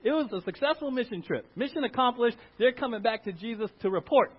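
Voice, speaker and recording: A male pastor preaching an animated sermon and calling for amens, on a dull lo-fi recording. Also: very high voice, quick pace, slightly rough. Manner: animated, calls for Amen from the congregation.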